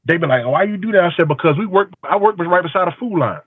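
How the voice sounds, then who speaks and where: Casting: man with a fairly high voice, emphatic storyteller, tinny phone line. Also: lively intonation, quick pace, slightly rough, dry recording. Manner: storytelling with quoted dialogue, emphatic. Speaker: barber. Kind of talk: call-in testimony. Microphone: phone call.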